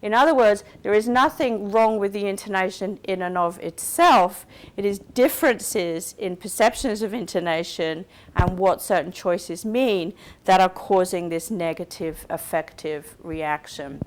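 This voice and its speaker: A woman's voice: mid-range voice, unhurried, hardly any pauses. A woman giving a recorded university lecture, explaining step by step and checking in with her listeners. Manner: explains carefully, checks in with "okay?" and "right?".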